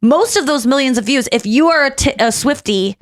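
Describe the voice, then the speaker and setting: A woman's voice: sits high, animated, a little fast, no echo, studio quality. Chatty woman podcast host. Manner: chatty, storytelling with quoted voices and restarts. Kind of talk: casual chat.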